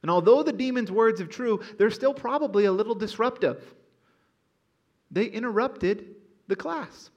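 A man's voice: high-pitched, moderate pace, muffled recording. A man preaching a sermon as pastor in a church auditorium, earnest and emphatic. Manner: earnest, building to emphatic exhortation.

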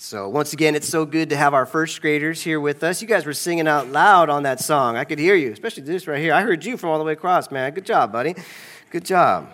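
Man pastor, higher register, playful children's sermon in a large sanctuary. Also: a little fast, a bit bright. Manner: playful, addressing kids directly.

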